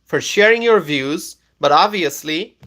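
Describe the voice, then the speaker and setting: Lively, high-pitched livestream host man. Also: measured pace. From Bangladesh. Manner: animated, repeats questions, laughs often. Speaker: livestream host reading chat. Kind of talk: live stream chat reading.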